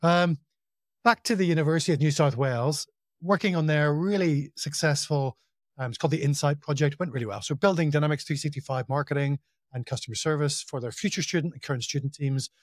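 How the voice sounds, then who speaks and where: A man talking casually as a podcast guest, telling work stories in a relaxed, self-deprecating way. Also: on the high side, fairly quick, dry recording, clean studio sound. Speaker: podcast guest, project implementation consultant. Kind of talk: casual conversational interview.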